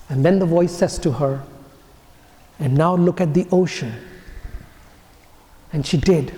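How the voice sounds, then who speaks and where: Priest telling a story in an echoing church. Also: male voice, high-pitched. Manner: slow, earnest storytelling with soft, dropping phrase ends. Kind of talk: homily. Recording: echoey church with long reverb.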